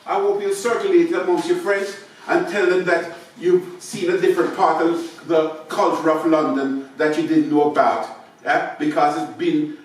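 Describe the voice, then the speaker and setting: A photographer in his seventies gives a joking, chatty talk to an audience in a large theatre, often checking in with "yeah?". His voice is high-pitched and a bit bright. The mic is far off in the echoey hall, with slight background noise.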